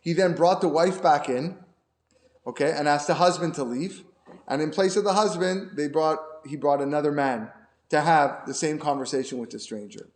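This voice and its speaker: A man's voice: a little high, normal speed. A man who is a rabbi, giving a conversational lecture class and often repeating his words as he explains. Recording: roomy echo.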